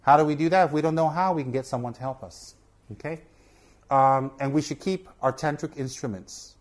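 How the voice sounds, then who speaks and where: A man's voice: fairly high pitch, brisk. A man, a Buddhist teacher, talking informally to camera, earnest and repetitive, often checking in with "okay?". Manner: earnest, repeats for emphasis, asks "okay?".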